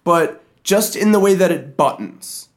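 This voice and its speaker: A man co-hosting a podcast, telling a story in an animated, giggly way. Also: high voice, measured pace. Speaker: podcast co-host. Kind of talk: casual comedic chat.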